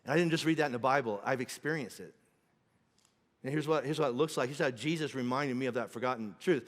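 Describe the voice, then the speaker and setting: A man's voice: medium pitch, fast, in a large hall. A middle-aged man preaching a sermon as pastor, in a conversational way, acting out quoted voices. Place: church auditorium.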